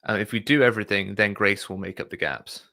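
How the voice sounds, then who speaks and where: A man hosting a casual discussion, talking in a thoughtful, measured way with frequent fillers. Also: on the low side, vocal fry, bright, forceful tone, no echo, clean studio sound. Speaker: podcast host.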